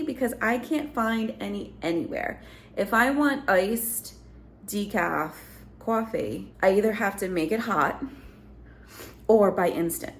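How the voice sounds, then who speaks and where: Chatty woman with a gravelly voice. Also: mid-range voice, takes it slowly, poor audio. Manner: chatty, rambling, talks straight to viewers. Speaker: lifestyle vlogger and mother. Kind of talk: casual vlog chat to camera.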